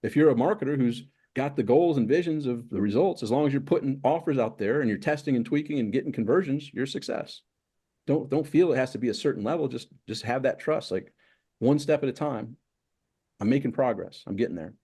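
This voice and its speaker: Mellow-voiced motivational coach man. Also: medium pitch, brisk, slightly rough. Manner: motivational, emphatic, lists and repeats. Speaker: guest, success coach. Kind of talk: interview conversation.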